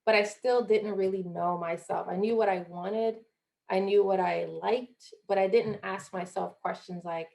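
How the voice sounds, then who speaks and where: This young Jamaican ex-college athlete has a gravelly, darkish mid-range voice and an unhurried delivery. As a podcast guest she speaks earnestly in a motivational interview, imitating the voices of people she quotes.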